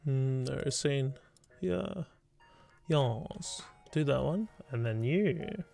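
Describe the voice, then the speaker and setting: A gravelly-voiced Australian man chats casually on a live stream while he works on code. His voice sits in a middle register with a rough, creaky edge. He rambles and thinks aloud, trailing off and restarting sentences as he goes. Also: medium pitch, animated, extremely slow, dark tone, faint music behind. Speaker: streamer and game developer.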